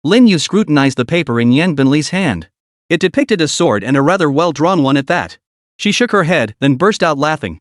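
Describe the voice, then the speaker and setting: A man's voice: a little high, sing-song, normal speed, no echo, clean studio sound. A man narrating a scripted story in a dramatic recap reading.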